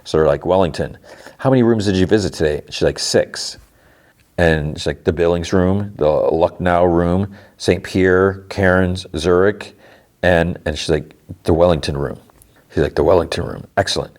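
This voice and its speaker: Man, deep low voice, podcast host, casual recap, quotes characters back and forth. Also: darkish tone. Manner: retells scenes with quick "she's like" dialogue; wondering asides about plot.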